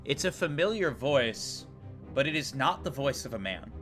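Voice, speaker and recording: A man running a tabletop game on a live stream, narrating scenes with animated, laughing delivery. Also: mid-range voice, normal speed, faint music behind. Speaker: game master.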